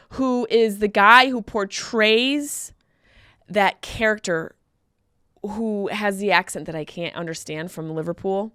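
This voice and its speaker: A woman comedian hosting her podcast, talking casually and jumping into high, loud exclaims. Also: smooth, no echo, clean studio sound. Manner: animated, jumps into high exclaims.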